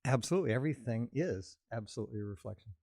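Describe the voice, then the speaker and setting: A man in an earnest, reflective conversation about emotions, explaining his view calmly. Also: mid-range voice, very fast, no echo, studio quality. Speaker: podcast host.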